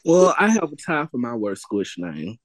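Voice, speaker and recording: A man riffing with friends on a casual chat show, his voice swinging up and down with animated delivery. He speaks, close and dry on the mic with no room around him. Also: medium pitch, normal speed, dry recording. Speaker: podcast co-host.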